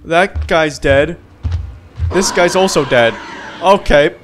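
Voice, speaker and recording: A man's voice: on the high side, slow pace, pauses often, music in the background. A man giving live commentary while playing a horror game, swearing, screaming when startled, and laughing nervously to himself. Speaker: gamer.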